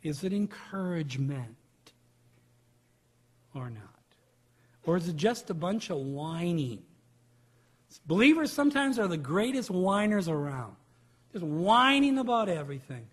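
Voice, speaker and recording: A man's voice: high voice, very animated, measured pace, pauses often, fairly bright tone, breathy edge. A man preaching a sermon as a pastor, emphatic and full of rhetorical questions.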